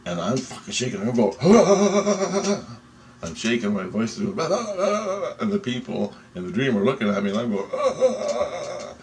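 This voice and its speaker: A man telling a dream story in an excitable, rambling way, swearing often and restarting sentences. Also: lowish voice, quick pace, few pauses, slight background noise.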